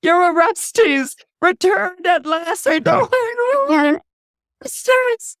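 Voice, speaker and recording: Electra, a high crying young woman, as a man puts her on. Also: lively intonation, slow pace, dry recording, studio quality, heavily acted. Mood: tearful joy. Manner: high, cried out, breaking into shouts. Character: young woman of Greek myth, grieving and vengeful.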